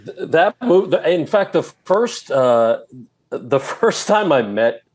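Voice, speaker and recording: A man's voice: on the high side, takes it slowly. A man in his forties from New Jersey, a podcast guest telling a story and acting out the dialogue. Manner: animated, acts out quoted dialogue. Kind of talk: casual storytelling.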